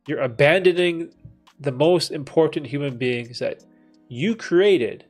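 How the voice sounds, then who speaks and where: Soft background music sits under this livestream, where a man in his thirties with a high-ish voice reads chat aloud and responds. He keeps a measured pace and a laid-back, casual tone, frequently saying dude and bro and swearing occasionally.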